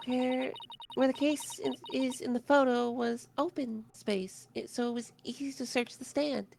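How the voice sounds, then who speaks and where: A woman's voice: high-pitched, fairly even intonation, measured pace, vocal fry, darkish tone. A woman reading the lines of a nervous young female witness, hesitant and stammering, over a noisy home mic. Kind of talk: players reading game dialogue aloud.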